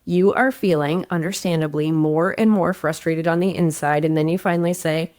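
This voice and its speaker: Expressive woman coach, lowish dry voice. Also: moderate pace, no room sound. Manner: expressive and emphatic, with frequent upward swings and a few laughs. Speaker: relationship coach and host. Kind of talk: direct-to-camera relationship advice talk.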